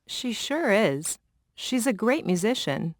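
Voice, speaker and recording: A woman's voice: mid-range voice, sing-song, takes it slowly, no echo, clean studio sound. A woman voicing an enthusiastic young music fan in a scripted textbook dialogue, emphatic.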